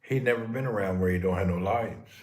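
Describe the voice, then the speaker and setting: A man live streaming casually from his dark house during a power cut, talking to viewers and calling out high and loud to his pet. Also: brisk. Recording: echoey room.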